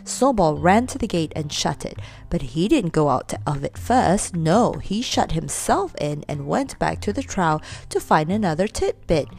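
A woman reading a children's storybook aloud in an expressive way. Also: fairly low pitch, a little slow, vocal fry, few pauses.

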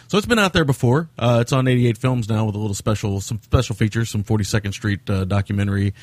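A man co-hosts a podcast in a casual, rambling way, peppering his talk with fillers and laughing often. His voice sits low. The sound is dry, with no room around it. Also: quick pace, dry recording. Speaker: podcast co-host. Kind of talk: casual film chat.

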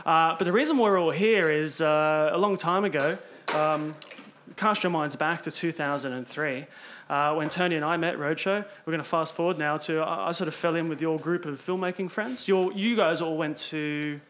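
A man's voice: a little high, normal speed, a bit bright, slight background noise. A man hosting a podcast, chatting casually at a dinner table, laughing often and restarting his sentences. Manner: laughing, enthusiastic, talks in restarts. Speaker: podcast host. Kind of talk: casual chat.

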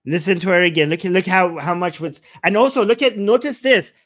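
Guy ranting on his livestream, kinda high voice, calls people idiots, keeps fumbling with his screen share. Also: brisk, very noisy. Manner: combative, insulting, rambling, talks while screen sharing. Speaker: livestream host. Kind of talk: heated livestream reaction commentary.

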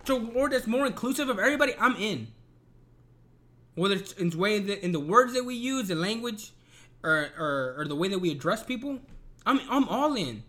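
Male, very high voice, animated swings in pitch; casual, profane, exasperated rant. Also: a little fast. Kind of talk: casual ranting commentary.

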